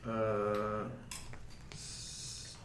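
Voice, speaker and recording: A man playing a tabletop game, talking casually and haltingly with filler sounds. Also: on the low side, completely flat delivery, fairly bright tone. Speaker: player. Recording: echoey room with clear noise.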